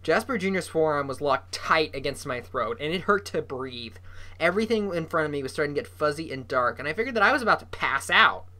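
Bright-voiced reader of a children's novel. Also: medium pitch, brisk. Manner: lively, voicing characters. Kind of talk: reading a children's novel aloud.

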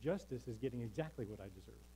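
A man preaching from the pulpit of a church. He is emphatic and rhythmic and leans on repeated lines. He calls out to the congregation for an answer. His voice sits at an ordinary middle pitch for a man. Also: animated, fast, dark tone, slight background noise, rough recording. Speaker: pastor. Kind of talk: sermon. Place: church sanctuary.

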